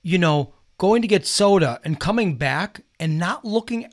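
A man with a somewhat high voice hosts a relaxed film chat. He steers the conversation and states his views with emphasis. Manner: leads the talk, emphatic, quick to give opinions. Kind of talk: casual chat.

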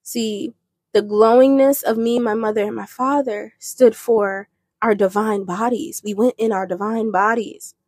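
A woman's voice: a little high, fairly even intonation, a little slow, a little mellow, husky, no room sound. A woman hosting a podcast, telling a personal faith testimony in an earnest, rambling way with restarts. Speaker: podcast host.

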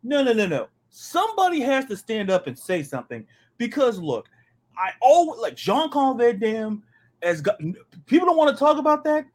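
Animated high-voiced man ranting about football. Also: moderate pace. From American South. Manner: animated, ranting, repeats words when excited. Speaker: podcast co-host. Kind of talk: casual sports chat.

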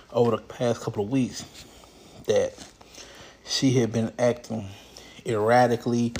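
A man hosting a show, giving casual, comedic commentary on news stories in a blunt, profane, animated way. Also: medium pitch, slight background noise.

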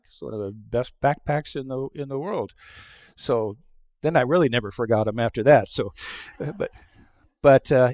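A middle-aged male pastor delivering a conversational sermon, telling stories and acting out quoted lines, moving between hushed asides and loud exclamations. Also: mid-range voice, moderate pace, long pauses, no echo, studio quality. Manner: conversational storytelling with acted-out quotes.

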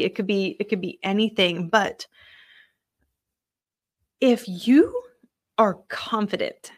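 A woman hosting a podcast, sharing a personal faith testimony in an earnest, emotional way, halting and restarting her sentences. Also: mid-range voice, dry recording, studio quality. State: overwhelmed with emotion. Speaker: podcast host.

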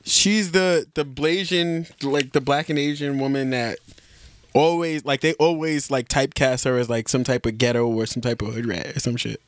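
A young man co-hosting a podcast, chatting casually and dropping in quick reactions. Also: medium pitch, steady tone, a little hiss or hum. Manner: quick interjections, laid-back commentary. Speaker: podcast co-host. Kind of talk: casual chat.

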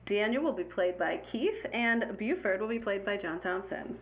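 A woman's voice: mid-range voice, animated, moderate pace. A woman hosting a sketch read-through, casual and laughing. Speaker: sketch show host. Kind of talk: casual chat.

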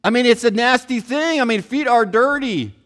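A man's voice: very high-pitched, expressive, moderate pace, a bit bright. A man preaching a sermon in a conversational style, often acting out quotes and coming back to stock phrases. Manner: conversational preaching, acts out quotes, repeats "here's the thing". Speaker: pastor.

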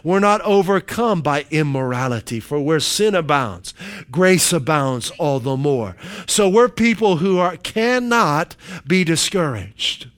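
A man preaches with a smooth, clear voice that sits a little higher than most. He takes his time, driving each point home with repetition and quoted verses. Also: animated, measured pace. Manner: emphatic preaching with repeated phrases and scripture quotes. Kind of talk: sermon.

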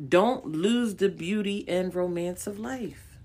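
With a lowish, slightly mellow voice and a slow delivery, a woman casually reads tarot for her viewers. Her style is coaxing and encouraging yet blunt and profane, and she repeats herself for emphasis.

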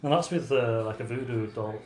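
A man from Britain co-hosting a podcast, trading crude deadpan jokes in casual banter. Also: medium pitch, brisk, soft background music. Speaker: podcast co-host. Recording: roomy echo.

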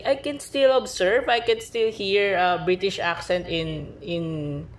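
A woman's voice: mid-range voice, steady tone, a little slow, a little hiss or hum. A young Filipino woman with a Filipino accent, a guest in a casual chat, hesitant and searching for words. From Philippines.

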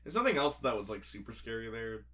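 Bright-voiced animated man. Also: lowish voice, fast talker. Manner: animated, laughing storyteller acting out quotes. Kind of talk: casual storytelling chat.

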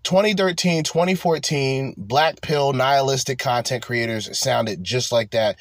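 A man giving casual reaction commentary in an animated, laughing way, full of profane slang. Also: mid-range voice, measured pace, no echo.

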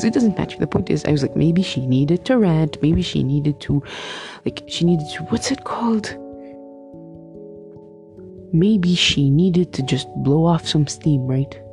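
A young woman in her twenties tells a story in a casual vlog, rambling and emphatic, tripping over fillers and restarting her sentences. Her voice is dark and mellow with a gravelly fry running through it. Faint music plays underneath. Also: deep voice, lively intonation, moderate pace. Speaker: medical student.

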